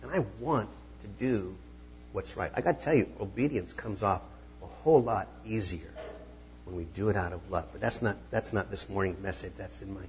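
A man's voice: fairly low pitch, moderate pace, a little mellow, muffled recording, slight background noise. A man preaching a conversational sermon as pastor, now and then acting out the disciples. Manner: conversational, acts out voices of the disciples.

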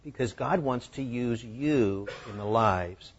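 A man preaching a sermon, telling a story with animated voices. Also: medium pitch, slow pace, slight background noise. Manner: animated, acting out the scenes. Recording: dull lo-fi recording.

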